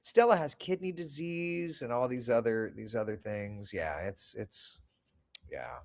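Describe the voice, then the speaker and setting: A man's voice: mid-range voice, measured pace, vocal fry. A middle-aged man hosting a casual livestream, reading viewer comments aloud and answering them with a chatty, self-deprecating manner, his voice still recovering after losing it. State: recovering from lost voice. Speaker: host reading live chat comments.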